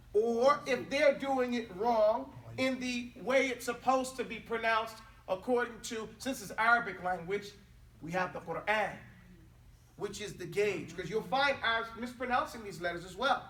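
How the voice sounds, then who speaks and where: A man's voice: very high voice, fairly bright tone. Man, language teacher, blunt emphatic lecturing, distant mic, echoey classroom. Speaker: Arabic teacher. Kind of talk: classroom pronunciation drill and lecture. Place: classroom with students.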